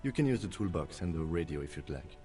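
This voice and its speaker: Brief: reserved, polite cop, low voice, set back from the mic. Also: male voice, sing-song, dark tone, recorded from a distance, faint music behind. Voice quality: measured, polite. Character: calm, reserved male police lieutenant. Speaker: game character.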